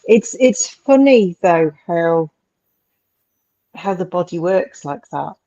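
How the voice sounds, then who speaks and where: A woman's voice: fairly low pitch, lively intonation, slow pace, warm tone. A woman chatting casually, rambling with many fillers. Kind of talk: casual chat. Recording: dull lo-fi sound.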